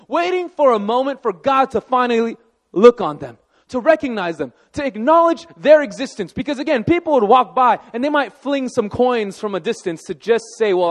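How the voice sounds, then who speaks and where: Male pastor, high voice, lively conversational sermon, reverberant hall. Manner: animated, conversational preaching with asides to the congregation.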